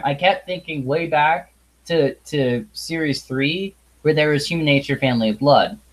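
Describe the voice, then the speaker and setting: A man's voice: mid-range voice, husky, rough recording. A man talks straight to the camera in an exasperated, blunt rant. He sighs often, swears freely and trips over restarts as he repeats himself. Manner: halting restarts and repetition. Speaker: video reviewer. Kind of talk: ranting review monologue.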